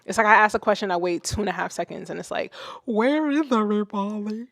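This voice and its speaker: A woman's voice: on the low side, steady tone, very fast, creaky, a bit bright, no room sound, clean studio sound. A young woman livestreaming from her music setup, chatting loosely, laughing and swearing casually. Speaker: music streamer.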